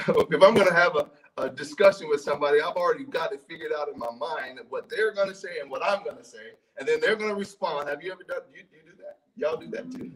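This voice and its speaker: A high-voiced man preaches in a church, sounding a little distant from the microphone. He talks in a conversational way, restarting phrases and repeating words, and often asks the congregation questions. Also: fairly bright tone. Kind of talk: sermon with scripture reading.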